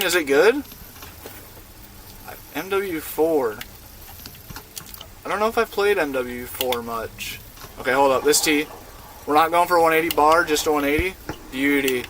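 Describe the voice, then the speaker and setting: Casual young male streamer, slightly high voice, slangy and laid-back, faint hiss behind. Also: fairly bright tone. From United States. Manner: laid-back, slangy, chatting with his viewers while playing. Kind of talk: casual live-stream gaming chat. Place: inside a van.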